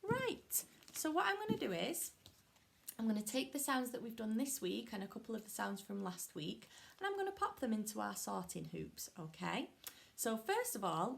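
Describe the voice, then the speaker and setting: A woman teaching children a phonics lesson, talking slowly in a sing-song, encouraging teacher voice. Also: on the high side, sing-song, gravelly. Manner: slow, sing-song teacher voice with lots of praise. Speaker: primary school teacher.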